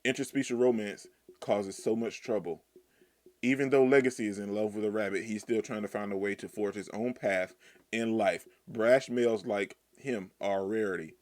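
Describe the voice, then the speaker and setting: A man reading the lines of a proud, cold young male deer from a manga, flat and clipped. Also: fairly low pitch, normal speed, no echo, studio quality, lightly acted.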